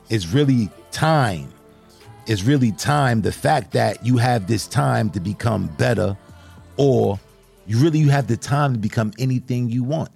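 A man's voice: mid-range voice, vocal fry, a little mellow. A man hosting a show, chatting earnestly and encouragingly with a guest, often repeating himself as he speaks. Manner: repetitive, earnest, encouraging, addresses guest as brother. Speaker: show host. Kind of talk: casual interview chat.

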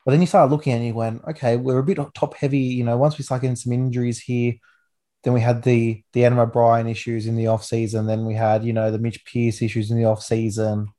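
A man's voice: medium pitch, level tone, brisk, dark tone. A man in his twenties with an Australian accent, hosting a casual rugby league chat with enthusiastic, rambling talk full of restarts. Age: 20s. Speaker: podcast host.

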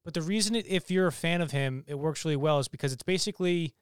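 A young man co-hosting a casual movie review chat, animated and quick with asides. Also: a little high, smooth, no room sound, studio quality. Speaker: podcast co-host.

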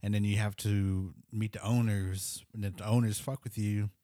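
A man with a lowish voice rambles through a casual chat, full of fillers and restarts. He is close to the mic, with a dry sound. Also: level tone, normal speed, warm tone, no echo. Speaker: musician guest.

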